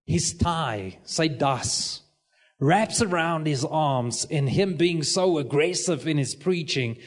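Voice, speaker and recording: A middle-aged man with a South African English accent leads his church through a sermon. His voice sits a little high. He tells his stories with lively energy and mixes in Afrikaans as he goes. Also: slow pace. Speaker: pastor.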